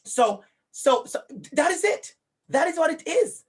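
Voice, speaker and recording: A man with a Jamaican accent giving a live online lecture, animated and emphatic, turning to a colleague by name. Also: extremely high pitch, unhurried.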